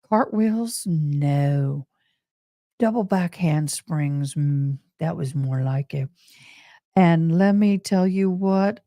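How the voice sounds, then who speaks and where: A woman's voice: medium pitch, dry recording. Gal with a drawl chatting away to her stream, dry close sound. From Texas, USA. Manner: chatty, animated, talks to viewers as y'all. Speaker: livestream host. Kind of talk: casual storytelling to live chat.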